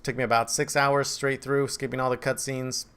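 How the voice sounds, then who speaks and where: A man talks through his opinions of a video game in a loose, chatty vlog. He rambles, corrects himself and pokes fun at himself as he goes. His voice sits at an ordinary middle pitch. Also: flat delivery, moderate pace, fairly bright tone, clean tone. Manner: rambling, self-deprecating, offhand. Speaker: gaming video creator. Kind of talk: casual game review vlog.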